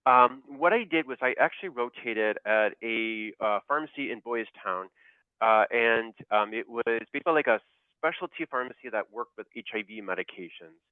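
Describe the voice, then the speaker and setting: A man talking over a tinny, phone-like line, the sound dry and close with no room around it. He tells his story haltingly, piling up fillers and restarts, with a laugh breaking in at the funny bits. He is a pharmacist guest on a casual interview. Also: medium pitch, animated, clear, resonant tone, no echo.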